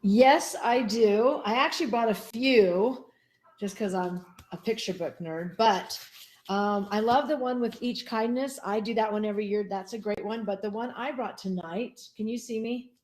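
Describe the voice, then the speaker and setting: A woman who teaches shares a picture book in an eager, chatty way. Her voice sits a little high. It comes over a video call from an echoey room. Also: normal speed, a little mellow. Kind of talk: casual sharing in a class discussion.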